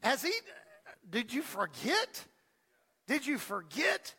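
A preacher voicing the teenage shepherd David, asking exasperated, rising questions during a sermon. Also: male voice, very high voice, very animated, takes it slowly, sharp tone, pitched above the performer's own voice, full character voice. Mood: incredulous. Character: young shepherd David, teenage boy, bold and incredulous. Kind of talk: sermon storytelling. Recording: long reverb of a large hall.

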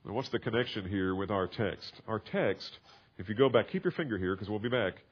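A man's voice: lowish voice, expressive, brisk, breathy edge, highs cut off. Man preaching an explanatory sermon. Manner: explanatory, building to emphatic raised passages. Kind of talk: sermon, expository Bible teaching.

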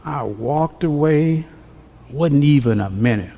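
A man's voice: fairly high pitch, expressive, measured pace, gravelly. Man preaching in an echoing hall. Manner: dynamic, swings from quiet to loud, repetitive refrains. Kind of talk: sermon. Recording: long reverb of a large hall.

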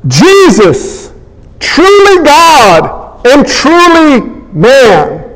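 High-voiced man preaching in a hall. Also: extremely slow. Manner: animated storytelling, acts out characters. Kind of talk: humorous sermon.

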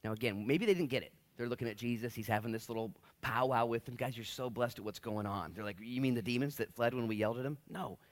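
A man in his late thirties preaching a sermon, telling stories and acting out quotes with big swings between loud and quiet. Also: mid-range voice, fast talker, hardly any pauses. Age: 30s. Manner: animated storytelling, big swings in loudness, acts out quotes. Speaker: pastor.

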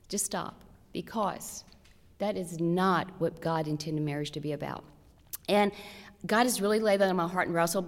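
A woman giving practical marriage advice to a church audience, earnest and direct, full of rhetorical questions. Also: lowish voice. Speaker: church women's speaker. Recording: long hall reverb.

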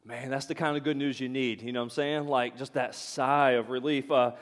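A man's voice: medium pitch, steady tone, fairly quick. Middle-aged male pastor, conversational sermon delivery, filler-heavy, recorded in a reverberant hall. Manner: conversational, rambling with many fillers and asides to the congregation.

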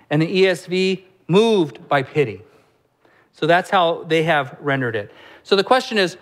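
A man preaching a sermon as pastor, explaining scripture in a conversational way with rhetorical questions and joking asides, slowing down and going soft on the solemn lines. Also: a little high.

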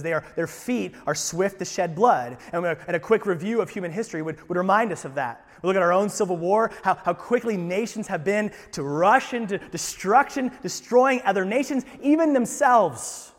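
A man preaching a sermon as pastor, emphatic, moving from quiet lines to loud ones and asking his listeners rhetorical questions. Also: on the high side, long reverb tail. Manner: conversational, asks rhetorical questions.

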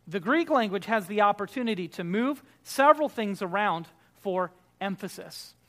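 Emphatic preacher. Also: male voice, sits high, lively intonation, normal speed. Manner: emphatic preaching, swinging between loud declarations and quiet prayer. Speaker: Baptist pastor. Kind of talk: sermon.

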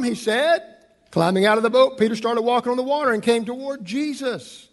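Animated preacher in a reverberant hall. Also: male voice, very high-pitched, brisk. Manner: animated, acts out the people in the story. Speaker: pastor. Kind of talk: sermon.

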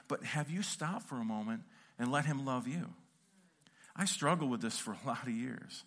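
A man's voice: medium pitch, normal speed, a bit bright. A middle-aged man preaching a sermon from a church stage, telling stories with humor and acting out his own quoted lines. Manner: storytelling with acted-out quotes and humor. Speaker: pastor.

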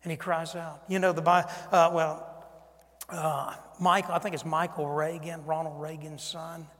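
A man from Mississippi in his fifties with a Southern accent, preaching a sermon in a folksy storytelling way that swings from quiet asides to loud preaching. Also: fairly high pitch, flat delivery, moderate pace, big-room sound. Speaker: pastor.

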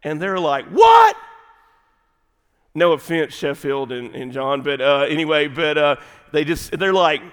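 A middle-aged man preaching a sermon, folksy and animated, dropping at times to a quiet, intimate tone. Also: a little high, normal speed, smooth. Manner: folksy, animated storytelling with sudden drops to quiet, intimate delivery. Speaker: pastor. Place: large church sanctuary. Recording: long hall reverb.

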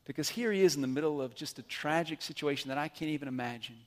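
A man preaching a sermon, animated, swinging between loud emphatic bursts and quiet asides. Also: fairly high pitch, quick pace. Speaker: pastor.

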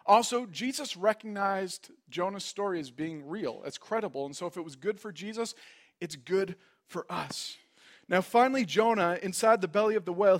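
A man who is a pastor, preaching a sermon and telling a story, acting out the voices in it. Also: sits high. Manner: storytelling, acts out quoted voices.

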